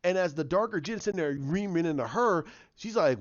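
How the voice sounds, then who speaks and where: A fairly high-voiced man rambles through a recap, and he jumps into the scenes to act them out. He stumbles and restarts often, and his voice sounds close and dry. The sound is muffled, with the top end dulled. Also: fairly quick, few pauses, no room sound. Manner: rambling, animated, acts out scenes with repeated restarts. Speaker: show recapper. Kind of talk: casual spoken recap.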